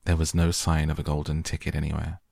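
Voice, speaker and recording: A man reads a children's book aloud at a measured storyteller's pace. His voice is very deep with a gravelly rasp. The recording is dry and close. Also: monotone, mellow, dry recording. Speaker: narrator. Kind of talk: audiobook reading of a children's novel.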